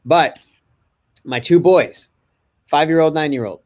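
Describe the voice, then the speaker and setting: A man hosting a casual podcast chat, telling a family story with lively acted-out bits. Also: fairly high pitch. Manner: animated storytelling, quick bursts.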